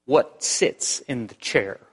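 A man's voice: mid-range voice, takes it slowly, husky. A male pastor preaching a sermon in a conversational way, restarting phrases and firing rhetorical questions. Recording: long hall reverb.

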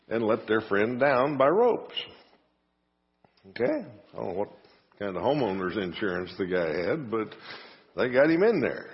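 A male pastor preaching in a church, telling the story casually with little jokes tucked in. His pitch rises and falls a lot, and the sound is slightly dull, with a long reverb from the hall. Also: slightly rough. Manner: folksy storytelling with asides and dry humor. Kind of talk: sermon. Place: church sanctuary.

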